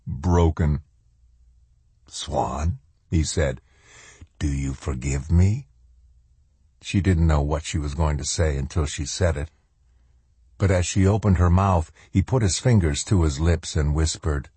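A man with a low, husky voice narrates an audiobook in a measured, dramatic way, easing his pace when the story grows tense. His tone is dark and mellow, and the recording is close and dry. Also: dry recording. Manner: measured, slows for dramatic moments and voices the characters' lines.

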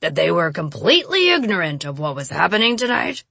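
A woman's voice: on the low side, very animated, brisk, creaky, a bit bright, breathy edge, no room sound, full character voice. A woman voicing a cocky young man who talks with a smirking, sarcastic edge.

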